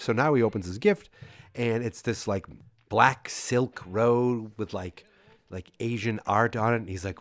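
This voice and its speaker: A man's voice: on the low side, moderate pace, faint music behind. A man hosting a podcast, recapping casually in a rambling way with many fillers and restarts. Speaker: podcast host.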